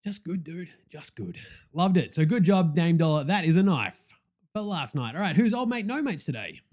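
A young man hosts a casual sports chat, talking in a slightly high voice. He is excitable and swears freely, jumping from loud, eager outbursts to low, muttered asides. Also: brisk. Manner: excitable, profane and joking, swings loud and soft. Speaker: podcast host.

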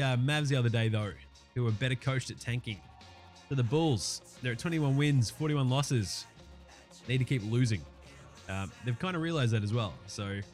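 A man with an Australian accent and a hoarse, sore throat, chatting casually as a podcast host and swearing freely. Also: mid-range voice. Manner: brisk, swearing, slangy chat.

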